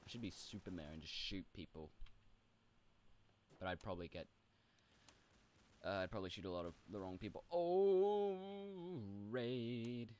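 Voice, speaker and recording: A young man chatting playfully while playing a role-play game, often jumping into high goofy bits. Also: steady tone, brisk, long pauses. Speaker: gaming video host. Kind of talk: casual role-play commentary.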